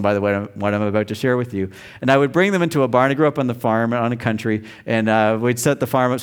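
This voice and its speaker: Middle-aged guy preaching, storytelling sermon, gets loud on the acted-out bits. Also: mid-range voice. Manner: storytelling, acts out quotes loudly. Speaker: pastor.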